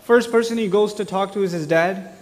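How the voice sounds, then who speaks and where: Speaking at an Islamic lecture, a high-voiced man delivers a brisk, lively religious talk in a conversational style. He tells stories with animation and questions his listeners directly, and a long reverb tail trails his words.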